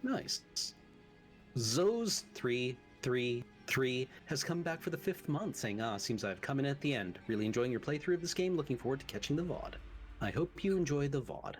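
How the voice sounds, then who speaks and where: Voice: mid-range voice, lively intonation, normal speed, faint music behind. A stream co-host in casual chat, reading subscriber thanks and stumbling over names.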